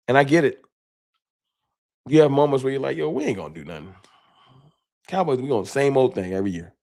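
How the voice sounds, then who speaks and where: A man with a slight lisp hosting a casual sports talk live stream, talking straight to his chat in slangy, animated bursts. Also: mid-range voice.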